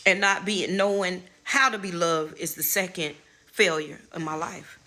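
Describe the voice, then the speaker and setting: Middle-aged woman, spiritual advisor vlog, candid and preachy, low pitch, bright tone. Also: steady tone, measured pace. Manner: candid, preachy, swears freely, addresses viewers as y'all. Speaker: spiritual advisor and channel host. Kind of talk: casual inspirational talk to viewers.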